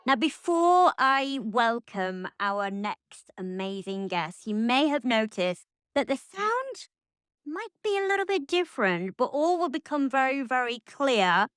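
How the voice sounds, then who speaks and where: A woman's voice: high voice, very animated, unhurried, fairly bright tone, smooth, no room sound, clean studio sound. Chatty woman host. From Lancashire, England. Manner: chatty and jokey, with playful asides. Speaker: podcast host. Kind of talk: relaxed podcast chat.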